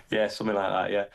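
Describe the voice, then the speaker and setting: A British man, a farmer, talking as an interview guest, exasperated and halting with frequent restarts. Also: lowish voice, gravelly. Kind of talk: casual interview conversation.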